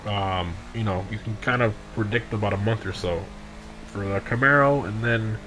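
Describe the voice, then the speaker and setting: A man hosting a casual gaming livestream, reacting loudly to races and chatting with viewers; he sounds tired. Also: on the low side, moderate pace, slight background noise. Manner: excitable, frequent exclamations during races. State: tired, yawning. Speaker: livestream host of game car meets.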